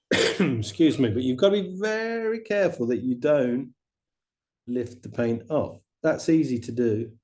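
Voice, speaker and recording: A middle-aged man teaching watercolor painting, chatting in a relaxed way and explaining each step as he paints. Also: mid-range voice, a little slow. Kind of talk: painting demonstration.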